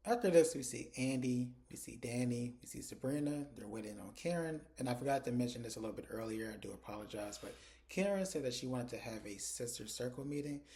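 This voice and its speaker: A man in a mid-pitched voice gives a casual recap of a TV episode. He retells the scenes in a chatty way, often slipping into quoted dialogue. His delivery is relaxed and conversational. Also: fairly quick. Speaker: TV episode reviewer.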